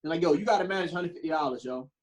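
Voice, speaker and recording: A young man co-hosting a casual podcast chat tells his stories in an animated, slangy way, with plenty of cursing. He talks rapid-fire in a voice that sits a little high for a man, and the recording quality is low.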